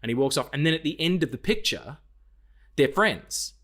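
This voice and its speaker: A man's voice: on the high side, expressive, normal speed, fairly bright tone. A man co-hosting a casual film podcast, swearing freely and acting out scenes in quoted voices. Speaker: podcast co-host.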